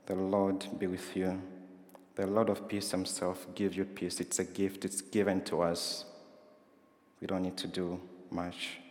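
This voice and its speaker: Preacher, male, lowish voice, conversational, asks the room questions; hall reverb. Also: completely flat delivery, a little slow, darkish tone. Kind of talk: sermon. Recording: roomy hall with long reverb.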